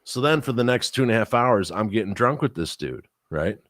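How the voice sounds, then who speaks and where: Low-voiced profane storytelling man. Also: a little fast, dry recording, studio quality. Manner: profane, animated storyteller acting out quotes. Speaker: podcast co-host. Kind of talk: casual storytelling chat.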